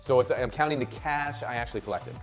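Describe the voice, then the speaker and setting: A man hosting his own show, giving a loud, hyped motivational business talk full of swearing and constant "right?" and "okay?" checks. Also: medium pitch, quick pace, soft background music. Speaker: show host.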